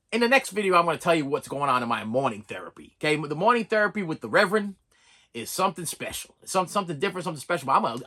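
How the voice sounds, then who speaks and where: A middle-aged man talking candidly to camera on his own channel, rambling and venting with frequent restarts and dry jokes. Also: fairly high pitch. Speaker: channel host. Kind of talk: candid vlog monologue.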